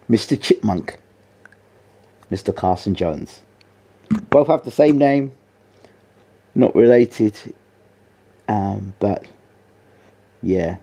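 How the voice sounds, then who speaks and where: A grieving man speaks softly and haltingly, pausing often between his words. His voice is low, dark and gravelly. He delivers a personal spoken tribute. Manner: halting, soft and subdued, many pauses and fillers. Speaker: boxing channel host.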